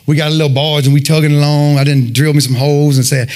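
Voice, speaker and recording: A man giving a fervent sermon and personal testimony, telling his story in an animated way and peppering it with "man.". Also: fairly high pitch, quick pace, few pauses. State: sweating, winded after worship. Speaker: lay preacher giving testimony.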